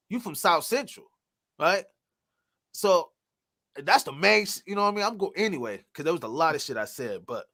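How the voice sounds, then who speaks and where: A man telling stories in a casual chat, animated and profane, laughing and acting out what people said. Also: high voice. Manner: animated, laughing, loose and profane, acts out quotes. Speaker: podcast guest telling stories.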